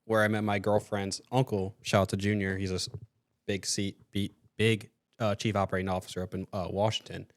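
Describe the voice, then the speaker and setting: Fast-talking young male podcast host. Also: lowish voice. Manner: fast, animated, swearing freely, acting out quotes. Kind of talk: casual storytelling chat.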